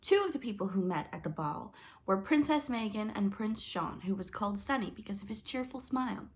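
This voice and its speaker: A woman reading a children's story aloud with expressive storytelling. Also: medium pitch, a little fast, slight background noise. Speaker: storybook reader.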